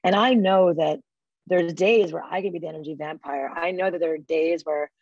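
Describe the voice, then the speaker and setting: A woman guest on a podcast interview, talking enthusiastically and acting out quotes with lively energy. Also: fairly low pitch, moderate pace, no room sound, muffled recording. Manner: enthusiastic, acts out quotes animatedly. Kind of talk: casual interview talk.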